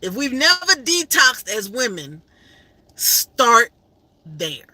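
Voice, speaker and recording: Bright, emotional woman telling a story. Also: fairly high pitch, very animated, slow pace, no room sound. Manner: emotional, repetitive, faith-filled retelling. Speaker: vlogger. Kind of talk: personal storytelling.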